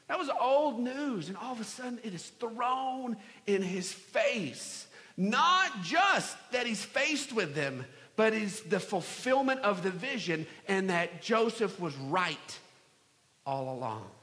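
A man preaching a sermon in a church, acting out the scripture scenes with shouts and playful voices. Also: sits high, long reverb tail. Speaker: pastor. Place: large church hall.

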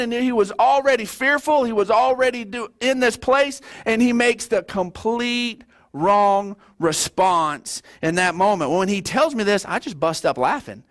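High-voiced pastor telling a story. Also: male voice. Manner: folksy, animated storyteller with stammered restarts. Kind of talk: sermon with storytelling.

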